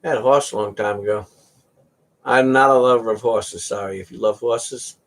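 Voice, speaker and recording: Speaking at a normal pace with fairly even intonation, this mid-range-voiced host meanders through anecdotes about his cats. Every so often he meows to copy them during the casual chat.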